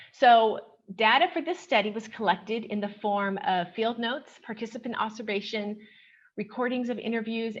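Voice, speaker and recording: A woman's voice: a little high, fairly bright tone, dull audio. Woman giving an academic paper presentation. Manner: measured, explanatory, often starts sentences with "okay". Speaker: conference presenter, researcher.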